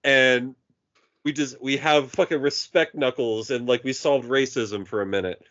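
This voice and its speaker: Animated storytelling podcast man. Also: medium pitch, normal speed, lo-fi sound. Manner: animated, acts out quoted voices. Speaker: podcast co-host. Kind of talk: casual storytelling chat.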